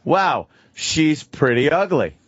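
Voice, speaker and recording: A man's voice: a little high, slow, husky, dry recording, dull audio. Wisecracking, crude male radio co-host. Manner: wisecracking, crude, deadpan asides. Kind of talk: crude casual radio banter.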